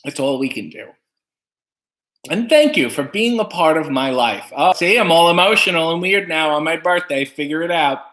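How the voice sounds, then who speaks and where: A man's voice: a little high, animated, moderate pace, fairly bright tone. A man hosting a casual livestream, reading chat comments aloud with playful, wry asides.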